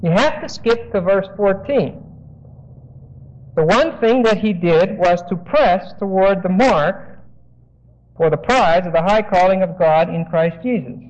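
This preacher's voice sits high and sounds a little mellow, and he speaks somewhat slowly. Teaching expository Bible lessons, he explains words and gives phrases for notes, heard through a dull, lo-fi sermon recording.

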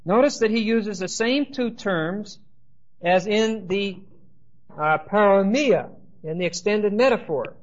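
Slow-talking man teaching a Bible class. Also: high-pitched. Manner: explains slowly, asks listeners "right?" and "okay?". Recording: dull lo-fi lecture recording.

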